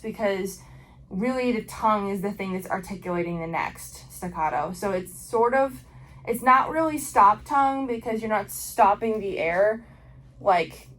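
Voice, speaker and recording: A young woman talks through oboe technique in a relaxed lesson. She explains step by step and often fills pauses with um and like. Her voice sits at an ordinary middle pitch. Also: low-quality recording. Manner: casual explaining with frequent ums and likes. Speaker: oboe teacher. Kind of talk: instructional video lesson.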